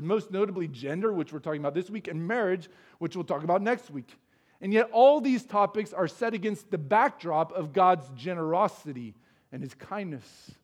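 A man preaching a sermon, earnest and explanatory, asking his listeners rhetorical questions. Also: sits high. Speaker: pastor.

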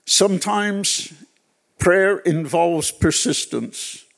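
A man preaching a sermon at a church gathering, telling personal stories in an unhurried way and repeating phrases for weight. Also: sits high, gravelly, fairly bright tone. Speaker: pastor.

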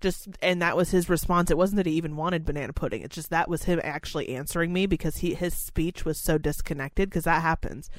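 A woman's voice: low voice, brisk, hardly any pauses, dry recording. A young woman who works in memory care, chatting casually and candidly on a podcast, rambling and swearing freely.

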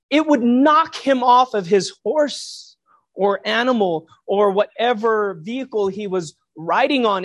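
A preacher delivering a reflective sermon, posing rhetorical questions to the listeners. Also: medium pitch.

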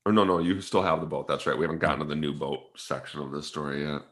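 A man's voice: a bass voice, fairly even intonation, fast talker. A man chatting casually with a friend, animatedly retelling a video game session and acting out both sides of the story.

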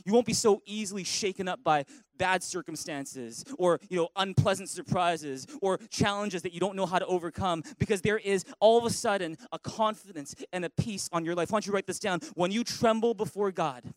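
A man delivers a lively church sermon in a notably high voice. He is recorded close and dry with little room sound. He slips into anxious voices as he preaches and calls the congregation to respond aloud. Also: brisk, few pauses, no room sound, rough recording. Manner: animated preacher who acts out worried voices and leads call-and-response. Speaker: pastor. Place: church sanctuary.

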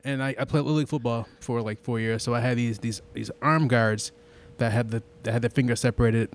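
A man chatting casually, mostly giving short relaxed replies and telling a childhood story. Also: mid-range voice, fast. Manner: laid-back, short agreeing replies. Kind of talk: casual chat.

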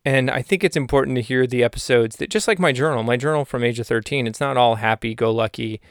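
A man hosting his podcast in a rambling, self-mocking comedic monologue with deadpan asides. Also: mid-range voice, fast, clean tone, no echo, clean studio sound. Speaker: podcast host.

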